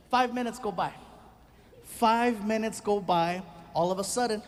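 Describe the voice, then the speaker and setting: Stand-up comedian, male, animated storyteller, faint hiss behind. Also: high-pitched. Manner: animated storytelling, many put-on voices. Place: live stage before a large laughing crowd.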